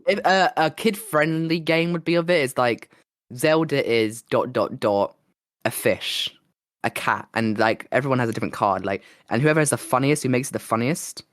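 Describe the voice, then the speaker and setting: A man co-hosting a podcast, hoarse and losing his voice, chatting casually and rambling with plenty of "like". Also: mid-range voice, moderate pace, fairly bright tone, no room sound, studio quality. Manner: rambling, lots of "like" and restarts. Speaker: podcast co-host and streamer. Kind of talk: casual chat.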